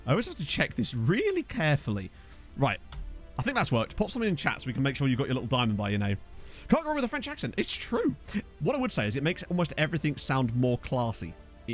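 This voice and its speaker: A young man live-streaming a game, chatting casually, joking and reading out chat messages. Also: mid-range voice. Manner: lively, jokey, chatty, reads chat aloud. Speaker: streamer and host.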